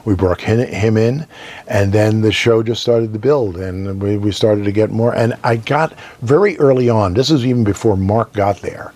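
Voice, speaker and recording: An older man, a longtime radio broadcaster, telling stories as an interview guest in an animated way and often checking in with "right?". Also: lowish voice, moderate pace. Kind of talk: casual storytelling interview.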